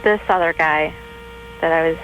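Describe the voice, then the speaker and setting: A woman in her twenties calling a radio show, explaining her situation in a hesitant, halting way. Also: deep voice, highs cut off, a little hiss or hum. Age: 20s. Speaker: caller. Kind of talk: phone-in call.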